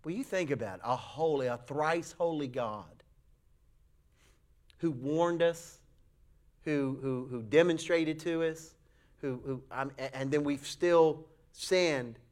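A man preaching a sermon, telling a folksy story with animated voices for the people in it. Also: takes it slowly. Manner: folksy, animated storytelling with acted high-pitched quotes. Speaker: pastor.

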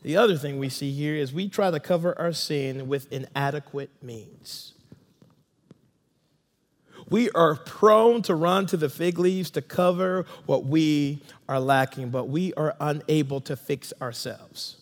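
A man's voice: fairly high pitch, measured pace. A male pastor preaching a sermon emphatically and calling on the congregation to respond. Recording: long reverb of a large room.

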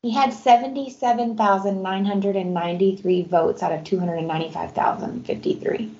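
A woman's voice: mid-range voice, steady tone, brisk, mellow. Opinionated woman podcaster, dull sound. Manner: blunt, opinionated. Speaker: podcast co-host. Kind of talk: casual book chat.

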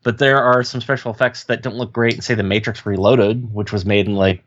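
A man co-hosting a casual podcast, talking in a relaxed, rambling way with many fillers. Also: on the low side, a little fast, highs cut off. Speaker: podcast co-host. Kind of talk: casual chat.

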